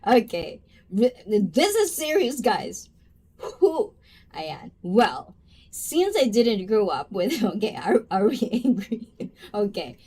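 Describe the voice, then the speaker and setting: Woman, livestream host, casual chat, calls out viewers by name, slow-paced, very animated pitch. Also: husky. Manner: chatty, addresses viewers by name.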